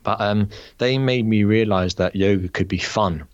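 A man's voice: on the low side, normal speed, no echo, muffled recording. A man who teaches yoga, a guest chatting casually on a podcast, rambling and self-deprecating with many restarts. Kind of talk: casual interview chat.

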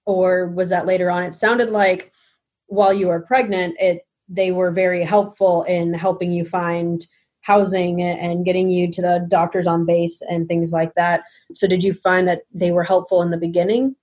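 A woman interviewer asking questions in a measured, careful way. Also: lowish voice, level tone, a little mellow.

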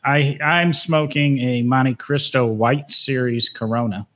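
A man on a casual podcast talks in a meandering way, stopping and restarting his sentences. His voice sits in a middle range, neither high nor low. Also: steady tone, pushed and bright. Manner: rambling, halting with fillers and restarts. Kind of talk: casual chat.

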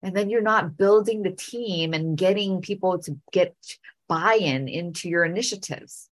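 A middle-aged woman hosting a podcast, telling a story and giving speaking advice in an animated way, often repeating phrases. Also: fairly low pitch, measured pace. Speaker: podcast host and speaking coach.

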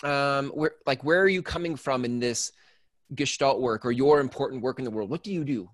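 Fast-talking, upbeat American man. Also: mid-range voice, dry recording, studio quality. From United States. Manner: upbeat, chatty, laughs often, restarts questions. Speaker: podcast co-host. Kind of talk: casual podcast interview.

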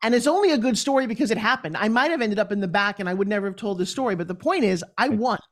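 A woman's voice: medium pitch, very fast. A woman from New York with a New York accent, a podcast guest telling her life story in a blunt, emphatic way. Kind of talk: candid interview storytelling.

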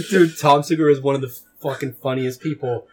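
Podcast dude, average pitch, gets loud and laughy, swears a ton. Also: male voice, a little hiss or hum. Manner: excitable, swears a lot, laughs often. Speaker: podcast co-host. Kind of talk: casual chat. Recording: rough podcast audio with problems.

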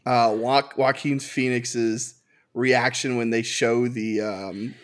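A man co-hosting a podcast in casual chat who rants in an animated way and swears freely. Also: mid-range voice, takes it slowly. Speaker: podcast co-host.

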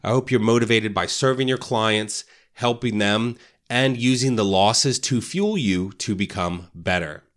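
A man's voice: fairly low pitch, unhurried, a bit bright. Man giving casual motivational talk. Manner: casual, keeps asking "right?". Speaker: real estate podcast host.

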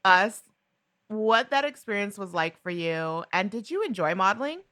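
A woman's voice: medium pitch, very animated, normal speed, pushed and bright. A woman hosting a podcast interview, upbeat as she asks her guest questions. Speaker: podcast host.

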